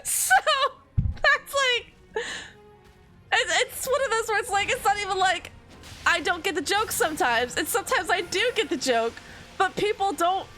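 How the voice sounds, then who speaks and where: Young woman, streamer, bright voice, rambling casual chat, faint music behind. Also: very high voice, brisk. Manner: rambling, animated, self-interrupting with lots of "like". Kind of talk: casual chat while gaming.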